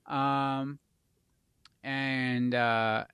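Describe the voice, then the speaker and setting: A man's voice: mid-range voice, little pitch movement, extremely slow, fairly bright tone, smooth, no room sound, clean studio sound. A young adult man co-hosting a casual chat show, rambling, swearing casually and losing his train of thought. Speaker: podcast co-host.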